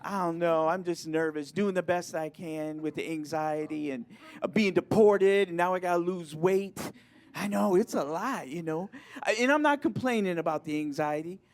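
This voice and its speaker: A man from Michigan doing a live stand-up set, flamboyant and self-mocking, jumping between squeaky bits and mumbled asides. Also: normal speed. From Michigan, USA. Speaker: stand-up comedian.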